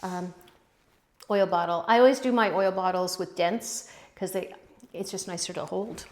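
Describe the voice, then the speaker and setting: A woman's voice: fairly low pitch, fairly even intonation, moderate pace. A woman vlogging about her pottery in a casual, rambling, chatty way, breaking off mid-sentence and picking the thread back up. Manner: rambling, chatty, self-interrupting, warmly emotional. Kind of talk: casual chat.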